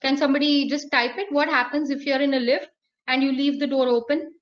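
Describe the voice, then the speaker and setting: Woman, high voice, lively online lecturer, slightly muffled recording. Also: a little fast. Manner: lively, playful, acts out sounds and voices. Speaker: teacher trainer.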